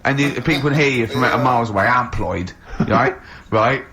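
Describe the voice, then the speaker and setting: A man's voice: mid-range voice, moderate pace. A man joking animatedly as a co-host of a comic radio show, laughing often. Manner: animated, jokey, giggly. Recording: dull lo-fi archive radio with hiss.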